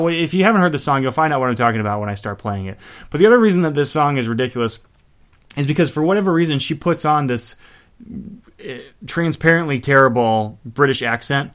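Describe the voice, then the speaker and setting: A man rambles his way through a song introduction with loose, profane, self-mocking chat. He sits at a middling pitch and keeps a relaxed, offhand show-host delivery. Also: moderate pace. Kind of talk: casual chat introducing songs.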